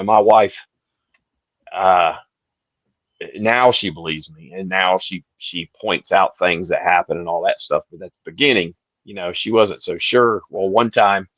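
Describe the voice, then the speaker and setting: Low-voiced host over dull lo-fi audio. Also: male voice, no echo. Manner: relaxed, chatty storyteller, says "dude" and "you know". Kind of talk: casual live-stream chat.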